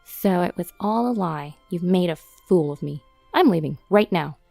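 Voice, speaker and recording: A woman's voice: fairly low pitch, animated, normal speed, vocal fry, warm tone, no room sound, soft background music. A woman voicing an indignant young woman who has been deceived by her live-in boyfriend, read out in a storytelling narration. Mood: bitter.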